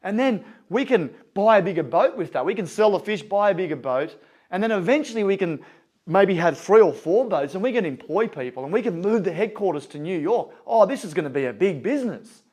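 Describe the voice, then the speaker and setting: A man voicing a stressed, eager banker who pushes his plans with growing excitement. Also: fairly high pitch, normal speed, close to an everyday voice. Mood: excited. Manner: eager, pushy, rising excitement.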